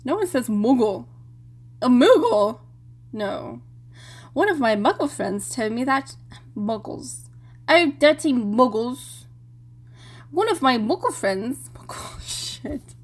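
A woman stepping out of a role to make casual, self-mocking remarks. Her voice is a bit high and moves around a lot in pitch. She speaks at an unhurried pace. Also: animated. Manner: self-mocking, laughing at herself. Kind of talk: casual out-of-character asides.

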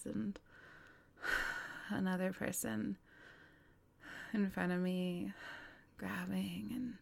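A woman speaks in a candid, rambling personal monologue with heavy vocal fry and a gravelly texture. She talks unhurriedly, giggling often and slipping into soft half-whispers. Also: medium pitch.

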